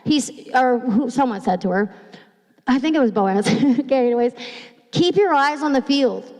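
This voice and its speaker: A middle-aged woman pastor preaches in a church sanctuary with a chatty, conversational style, acting out the voices she quotes. Her high-pitched voice is expressive and a little mellow at normal speed, and the room carries a long hall reverb.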